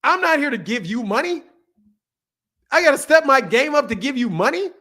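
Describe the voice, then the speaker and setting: Male reaction host with a very high voice, swearing, incredulous, circling back to the same point. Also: lively intonation, moderate pace, bright, forceful tone. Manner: profane, incredulous, repeats himself, laughing asides. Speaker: boxing channel host. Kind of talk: casual reaction rant.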